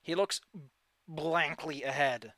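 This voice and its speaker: A man's voice: fairly high pitch, slow pace, sharp tone, no room sound. A man running a tabletop game as game master, narrating with theatrical flair and teasing the players.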